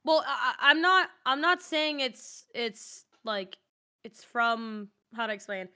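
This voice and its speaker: A woman's voice: on the high side, expressive, slow pace, sharp tone, clean tone. A woman chatting casually with her stream audience, rambling with lots of "like" fillers and laughing easily. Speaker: streamer co-host. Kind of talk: casual livestream chat.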